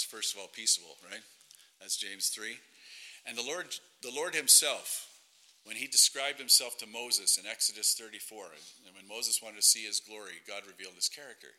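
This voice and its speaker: A man's voice: fairly low pitch, bright, forceful tone, poor audio. A man preaching a sermon in a conversational way, often asking rhetorical questions of his listeners.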